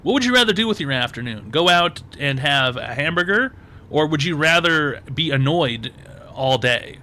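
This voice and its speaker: A man's voice: on the high side, expressive, moderate pace, sharp tone. A man hosting a call-in advice show, blunt and crude, hammering points home by repeating himself.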